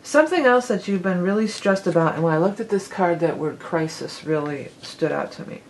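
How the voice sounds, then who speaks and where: A woman's voice: on the low side, lively intonation, brisk, a little hiss or hum, poor audio. A woman giving a casual tarot forecast, rambling and correcting herself as she goes, with the odd laugh. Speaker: tarot reader.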